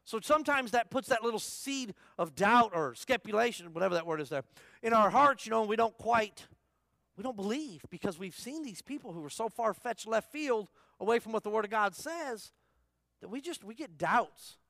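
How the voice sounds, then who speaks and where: High-pitched guy preaching at church, chatty, repeats himself a lot, dry close sound. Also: expressive, moderate pace, vocal fry, a bit bright, no echo. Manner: conversational preaching with repeated phrases and questions. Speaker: pastor. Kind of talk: sermon. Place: church service.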